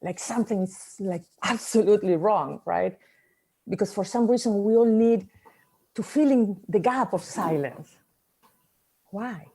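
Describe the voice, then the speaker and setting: Mellow-voiced woman giving a reflective talk. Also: mid-range voice, breathy edge. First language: not English. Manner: reflective, storytelling, with pauses. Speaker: speaker giving a short talk. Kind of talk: motivational talk.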